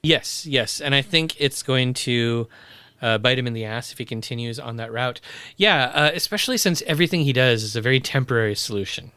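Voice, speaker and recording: A man's voice: medium pitch, brisk, pushed and bright, clear, resonant tone, no echo. A man co-hosting a casual podcast, talking things through thoughtfully with dry humor. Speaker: podcast co-host. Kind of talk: casual chat.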